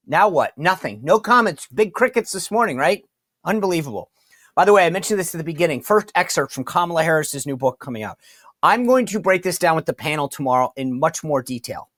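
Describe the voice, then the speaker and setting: A man's voice: on the high side, fairly bright tone, no echo. Man, talk show host, incredulous, emphatic, mocking quote reading, dry studio sound. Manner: incredulous, emphatic, repeats himself. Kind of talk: commentary monologue.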